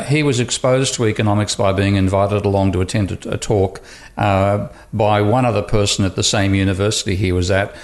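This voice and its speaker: A man speaking as an economics professor on a podcast, rambling and restarting often in casual chat. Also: on the low side.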